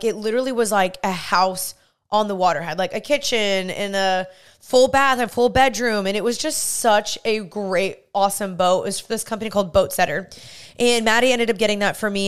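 A woman's voice: medium pitch, normal speed, smooth. A woman in her twenties, a podcast host, telling a casual story in a bubbly, gushing way with lots of "like". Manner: bubbly, gushing, heavy use of "like".

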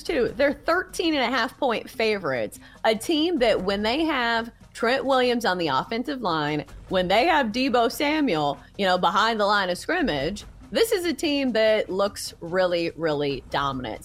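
A woman's voice: on the high side, fairly bright tone. A woman with a Southern US accent co-hosting a sports show, chatting casually and with a self-deprecating touch.

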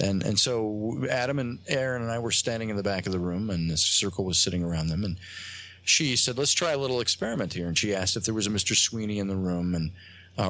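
A man, a guest on a talk show, tells a long story in a halting way, with many fillers and restarts. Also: low voice, sharp tone. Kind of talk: casual storytelling on a radio show. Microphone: phone line.

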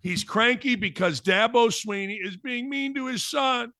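A man's voice: sits high, moderate pace, hardly any pauses, pushed and bright, no echo, studio quality. A middle-aged man and former coach hosting a sports talk show, brash, blunt and sarcastic in his opinions.

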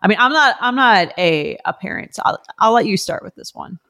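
A woman's voice: mid-range voice, animated, creaky, fairly bright tone. A woman from Long Island co-hosting a casual podcast, chatty and loose, with lots of filler words. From Long Island, New York. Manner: chatty, lots of "like", quick laughs. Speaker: podcast co-host.

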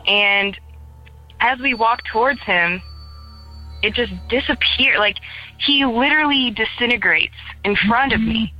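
A woman's voice: a little high, a little slow, muffled recording, faint music behind. A young woman calling in to tell a ghost story in casual first person, chatty and full of "like," acting out the dialogue as she goes. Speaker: caller sharing a ghost story.

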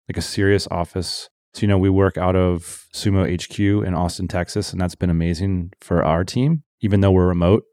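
A man's voice: sits low, darkish tone, no echo. A man being interviewed in an office, chatting casually about his business with dry humor. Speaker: guest entrepreneur.

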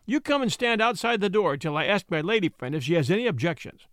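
A man's voice: sits high, very animated, fast talker, fairly bright tone, dry recording, clean studio sound. A man voicing a blunt, slangy woman shop girl of about thirty in a storybook reading. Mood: bossy. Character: sharp-tongued 30-year-old woman shop girl.

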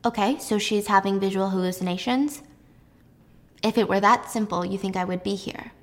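A woman voicing a calm, logical older woman professor while retelling a film. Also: medium pitch, moderate pace, lightly acted. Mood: earnest. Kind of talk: quoting film characters in a recap.

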